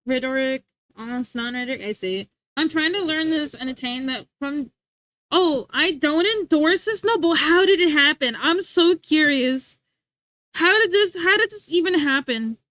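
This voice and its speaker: A woman's voice: sits high, lively intonation, normal speed, a bit bright, no echo. A woman livestreamer chatting casually with her viewers, giggly and full of filler words.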